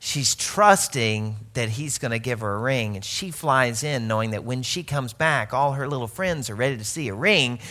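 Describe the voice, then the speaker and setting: Animated joking man preaching. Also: mid-range voice, moderate pace, few pauses. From Arkansas. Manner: animated, joking, self-mocking, with many restarts. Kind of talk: humorous storytelling sermon.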